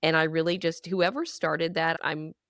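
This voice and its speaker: A woman with a somewhat low voice hosting a conversational interview. She affirms her guest and thinks aloud, with an idealistic turn to her words. The recording is dry and close, with no room sound. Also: flat delivery, normal speed, a bit bright, dry recording. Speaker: podcast host.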